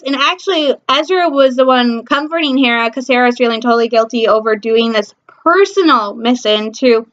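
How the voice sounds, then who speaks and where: A woman from Michigan hosting a pop culture news vlog, gushing excitedly about shows with lots of ums. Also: sits high, muffled recording. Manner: gushing, excitable fan talk with many ums. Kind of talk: casual chat.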